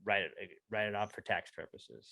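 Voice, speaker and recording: A man co-hosting a podcast in casual chat, playful and swinging from loud outbursts to mumbled asides. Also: on the low side, steady tone, moderate pace, no room sound, studio quality. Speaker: podcast co-host. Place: podcast studio.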